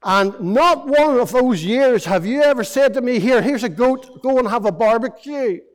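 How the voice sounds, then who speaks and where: Resentful older brother from a parable, huffy and put-upon, high voice, done by a preacher, roomy hall sound. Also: male voice, lively intonation, moderate pace. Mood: indignant. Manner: indignant, complaining. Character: resentful elder son, sulky farm worker.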